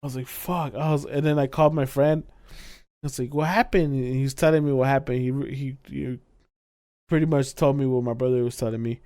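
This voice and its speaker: A young man co-hosts a podcast and, chatting casually, tells a drunk story full of swearing, acted-out quotes, and bursts of laughter. His mid-range, dark voice stays steady and moves a little fast. The recording is dry and studio-clean.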